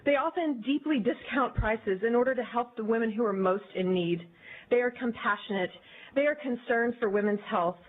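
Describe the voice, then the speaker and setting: Woman giving earnest formal testimony. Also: fairly high pitch. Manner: earnest, measured, prepared statement. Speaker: advocacy group director testifying. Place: legislative committee hearing room. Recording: tinny, phone-like archive audio.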